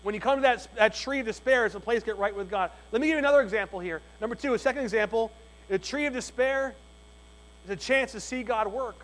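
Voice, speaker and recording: High-voiced emphatic male preacher. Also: fast, fairly bright tone, rough recording. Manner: emphatic, repeats key phrases. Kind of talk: evening sermon. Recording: mains hum.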